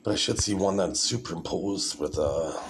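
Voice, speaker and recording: Low-voiced man rambling, "right?" after each point. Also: normal speed, background noise. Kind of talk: rambling monologue to camera. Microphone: phone.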